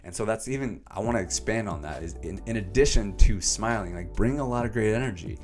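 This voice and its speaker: A young man in a casual vlog, summarizing a self-help book to camera with animated, emphatic delivery and plenty of fillers. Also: on the low side, fairly quick, soft background music. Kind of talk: casual energetic vlog talk.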